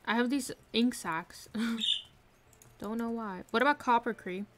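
This woman's voice runs on the high side with a fairly bright tone, and she speaks a little slowly. During her casual live gameplay stream she reads chat, talks to herself, and giggles frequently; faint noise, clicking, and typing sit underneath.

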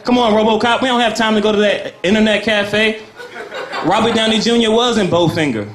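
A man's voice: sits high, a little fast, a crowd in the background. A young American man doing a laid-back, rambling stand-up set at an open mic, often laughing at his own jokes. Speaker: stand-up comedian. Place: small cafe comedy night. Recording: echoey room.

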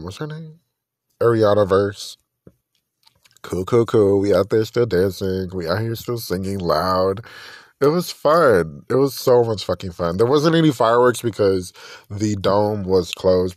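Animated, gushing male podcast host. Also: lowish voice, no echo, clean studio sound. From not from Texas. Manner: excited, gushing, swearing freely. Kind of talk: casual solo podcast recap.

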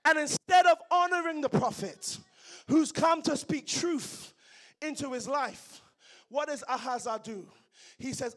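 A man preaching a fiery sermon, loud and emphatic, with call-and-response exclamations. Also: very high voice, a little slow.

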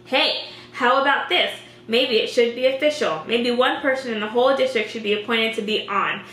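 A woman's voice: fairly high pitch, moderate pace, fairly bright tone, roomy sound, close to an everyday voice. A woman reading the lines of a friendly teenage boy who hosts a school show, upbeat and playful.

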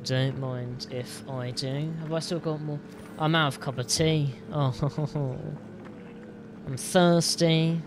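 A man's voice: on the high side, fairly even intonation, takes it slowly, noisy background. A young man commentating on his own gameplay, with frequent frightened exclamations. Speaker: gaming YouTuber. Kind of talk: game commentary.

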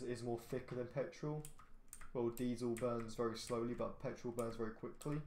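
Teen boy, gaming commentary, flat rambling delivery, roomy echo with faint noise behind. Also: medium pitch. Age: teenager. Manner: rambling, repeats himself, quick outbursts at traffic. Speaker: gaming channel host. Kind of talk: casual gameplay commentary.

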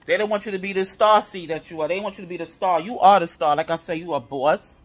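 High-voiced man giving a heated tarot reading. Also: quick pace. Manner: heated, profane, repetitive affirmations. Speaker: tarot reader.

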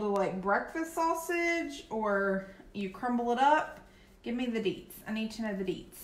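A young adult woman with a Southern US accent chatting casually while painting on a live stream, reading and answering viewer comments. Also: on the high side. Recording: echoey room with faint background noise.

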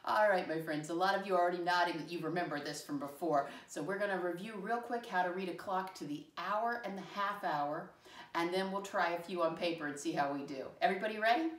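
A woman teacher giving a lesson to young children, encouraging and slow, spelling words letter by letter and asking many questions. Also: fairly low pitch. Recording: echoey room from far off.

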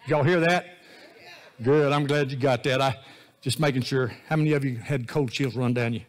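A man's voice: medium pitch, steady tone, normal speed. A man preaching a sermon as associate pastor, in a folksy, joking, conversational way.

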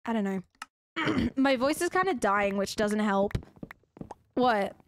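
A woman's voice: mid-range voice, lively intonation, takes it slowly, slight background noise. A woman streaming a game, chatting casually and giggling with her viewers. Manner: chatty, giggly, talking to chat. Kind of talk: casual live-stream chat.

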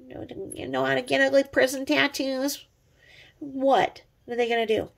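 A woman's voice: high voice, steady tone, normal speed, vocal fry. A middle-aged woman giving a sarcastic, profane gossip commentary as a vlogger, mocking someone she watches online.

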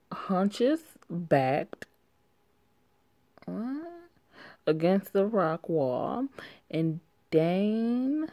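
A woman's voice: sits low, creaky, dark tone, no echo. A young woman reading a werewolf story aloud, breaking off for sassy, laughing asides and swearing. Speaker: story reader.

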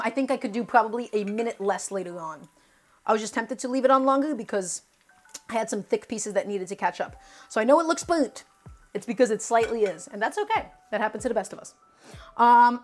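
A woman from Brooklyn with a New York accent and a slight speech impediment that softens her R sounds, chatting with viewers during a live cooking stream. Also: on the high side. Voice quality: cannot pronounce R sounds. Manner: chatty, talks directly to viewers.

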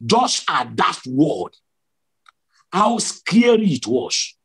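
A man's voice: fairly high pitch, very animated, very slow, a bit bright, slightly rough. A male preacher giving a sermon testimony, telling his story emphatically and repeating key words for drama.

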